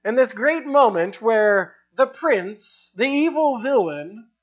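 A woman preaching a sermon, stressing points by repeating lines and slowing into prayer. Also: on the high side, expressive. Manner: emphatic, repeating lines for effect; ends in prayer with slow, drawn-out phrasing. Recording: dull, lo-fi recording.

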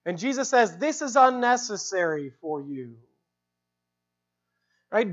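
A woman's voice: on the low side, takes it slowly, pauses often, muffled recording. A woman preaching an expository sermon, stressing her points, asking rhetorical questions and repeating key phrases.

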